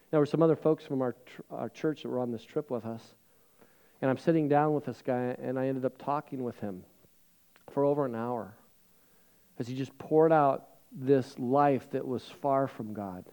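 A middle-aged male pastor preaching a sermon, telling a personal story in a chatty, self-deprecating way with plenty of fillers, and dropping to a hushed voice for serious moments. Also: mid-range voice, normal speed.

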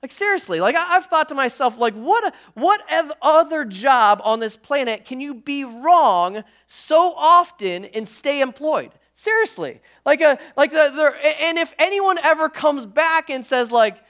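A pastor preaches in a loose, talky way, restarting his sentences as his thoughts race ahead. He breaks off now and then for a quick joke to the room. His voice is a man's, relaxed and personal. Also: extremely high pitch. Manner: lively conversational preaching with frequent restarts; jokey asides to the congregation. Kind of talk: sermon.

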